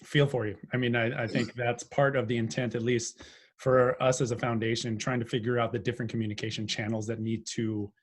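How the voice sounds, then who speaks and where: A man's voice: mid-range voice, level tone, fairly quick, breathy edge. A man who moderates a foundation's online panel, polite and appreciative, speaking loosely over a video call.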